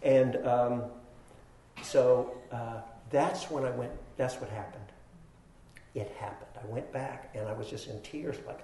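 A man's voice: mid-range voice, unhurried, mellow, slight background noise. Man telling a story in an echoey hall. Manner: storytelling, self-deprecating, laughing at himself. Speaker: meditation teacher. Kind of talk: dharma talk with personal story.

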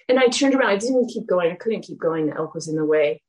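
A woman giving a dharma talk, telling a personal story in a reflective, animated way. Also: lowish voice, fast talker, few pauses, poor audio.

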